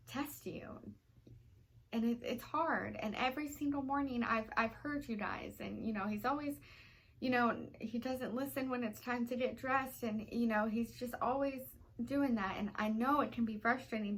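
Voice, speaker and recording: A woman's voice: fairly high pitch, fairly bright tone. A young woman vlogger telling a personal story in a rambling, emotional way, full of "you know" fillers. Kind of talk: storytime vlog.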